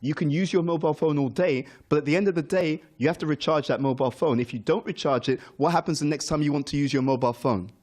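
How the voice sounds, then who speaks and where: A man's voice: a little high, quick pace, hardly any pauses, a little mellow. A middle-aged man giving a morning spiritual class, earnest, repeating key words for emphasis. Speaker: spiritual teacher. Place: temple class room.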